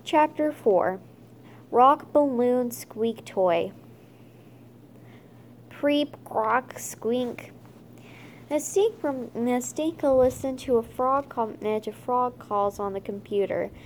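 Woman reader, slightly high voice, slow and halting storybook read-aloud with many restarts. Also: a little hiss or hum. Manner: halting, with frequent fillers and restarts. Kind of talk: reading a children's chapter book aloud.

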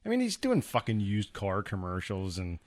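A man's voice: fairly low pitch, wildly swooping pitch, normal speed, no echo, studio quality. A man co-hosting a podcast, talking bluntly and rambling with plenty of swearing. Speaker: podcast co-host. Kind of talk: casual chat.

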